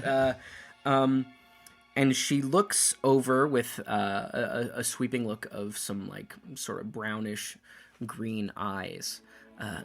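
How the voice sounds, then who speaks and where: A man narrating as game master of a tabletop game, rambling with many fillers. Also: mid-range voice.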